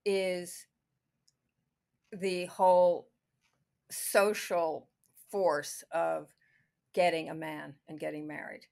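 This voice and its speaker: A woman's voice: fairly low pitch, flat delivery, very slow, vocal fry, pauses often, darkish tone. A woman co-hosting a podcast, talking through a classic film in a casual, thinking-aloud way with many restarts. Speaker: podcast co-host.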